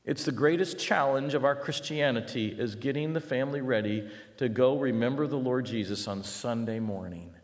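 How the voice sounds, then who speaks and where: A middle-aged man preaching a sermon, telling stories with animated swings between loud and hushed delivery. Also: medium pitch, normal speed, hardly any pauses. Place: church sanctuary. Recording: long reverb of a large hall.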